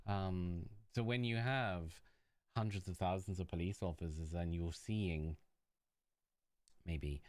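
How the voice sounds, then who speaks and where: Deep-voiced British man, chatty storyteller. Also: slow pace, pauses often, darkish tone, no echo. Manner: chatty storyteller, swears freely. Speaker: podcast co-host. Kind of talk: casual live chat.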